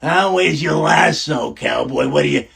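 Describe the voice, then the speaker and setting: A pushy, oversharing diner waitress with a thick Long Island accent, as a man puts her on. Her voice is deeply gravelly and husky, chatty and flirty with customers in a comedy sketch reel. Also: huge pitch swings, a little slow, a bit bright, full character voice.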